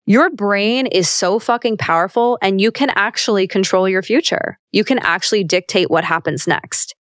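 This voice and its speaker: A young woman hosts a self-help podcast in a smooth, resonant voice, recorded close and dry with no room sound. She talks candidly and with emphasis, swearing freely as she coaches her listeners. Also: mid-range voice, moderate pace, no echo. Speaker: podcast host. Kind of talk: motivational self-help monologue.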